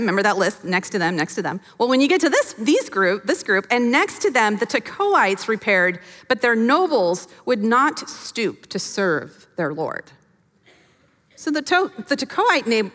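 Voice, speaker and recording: A woman teaching from scripture in a sermon, her voice bright and on the high side. She delivers it with animated, rising and falling inflection and gives the characters voices of their own. A long reverberant tail from the hall follows her words. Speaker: Bible teacher.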